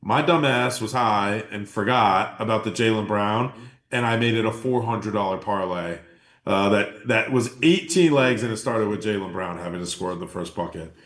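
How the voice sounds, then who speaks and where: Animated man telling a story in a roomy room. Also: fairly low pitch, normal speed. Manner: animated, acts out quotes, swears freely. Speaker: podcast host. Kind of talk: casual storytelling. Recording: roomy echo.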